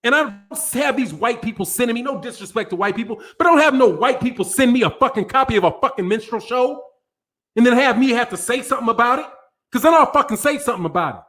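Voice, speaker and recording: A man with a strikingly high-pitched voice vents angrily to his live viewers. He is loudly profane and circles back to the same points again and again, as if he is arguing with the whole room. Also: expressive, fast talker. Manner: angry, profane, repetitive. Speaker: boxing channel host. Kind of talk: profane ranting commentary to a live audience.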